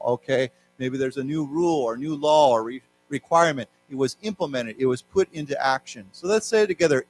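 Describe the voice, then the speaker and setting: A man teaching a live English lesson in a library lecture hall. He explains words and leads the class in repeating them, drawing the model words out slowly. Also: a little high.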